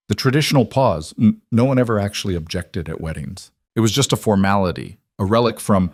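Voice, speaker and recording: A man with a low voice reads a romance story aloud, even and steady in his delivery. The sound is close and dry, with no room echo. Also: a little fast, hardly any pauses. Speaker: narrator. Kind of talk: scripted story narration.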